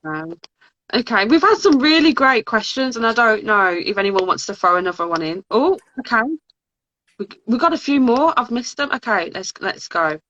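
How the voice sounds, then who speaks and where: A woman's voice: fairly high pitch, lively intonation, moderate pace. A woman hosting a live writing interview on a video call, listening closely and murmuring agreement. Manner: warm listener, lots of soft agreement sounds. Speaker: host. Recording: muffled lo-fi call audio.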